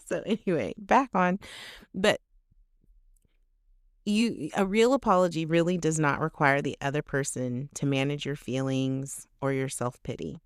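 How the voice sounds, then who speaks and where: A woman hosts her podcast alone, speaking in an unhurried, deliberate way. Her voice is smooth and clean and sits close and dry to the mic. She talks frankly and emphatically, and a casual cuss slips in now and then. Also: low voice, no echo. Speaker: podcast host. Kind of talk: candid solo podcast monologue.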